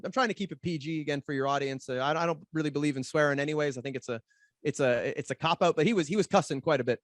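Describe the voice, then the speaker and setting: A man and podcast guest telling a story in an animated way, fast and with many restarts as he acts out quoted arguments. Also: fairly high pitch, no room sound, clean studio sound. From Canada. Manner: rapid, repeats words while acting out quoted arguments. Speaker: podcast guest, pro wrestler.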